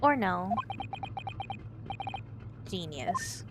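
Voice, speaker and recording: A woman's voice: fairly low pitch, lively intonation, extremely slow, background noise. A woman streaming a video game, reading it aloud and making wry, joking comments.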